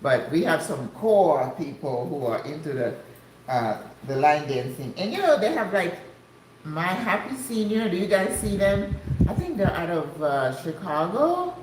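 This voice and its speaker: A chatty older woman from the United States talks casually to her viewers, full of exclamations and laughter. Her pitch jumps all over the place. She is recorded in a noticeably echoey room. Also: sing-song, a little slow, darkish tone, a little hiss or hum. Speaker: vlogger. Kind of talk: casual chat.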